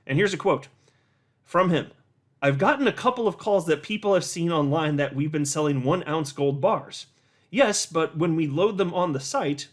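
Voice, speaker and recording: Animated man ranting about crypto. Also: on the high side. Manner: animated, ranting, sarcastic asides. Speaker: crypto YouTuber. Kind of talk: casual commentary.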